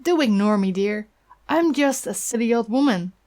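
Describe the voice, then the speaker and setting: A woman's voice: on the high side, expressive, normal speed, a little mellow, lightly acted. Woman doing a fussy gossiping old lady. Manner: chatty, fussing, sentimental. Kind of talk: reading game dialogue aloud.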